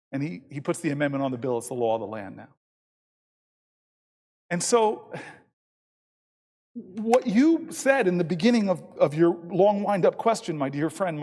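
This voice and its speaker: A man in his fifties giving a long floor speech as a senator, telling a story and quoting others in lively voices. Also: high-pitched. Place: large legislative chamber. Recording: long reverb from a large chamber.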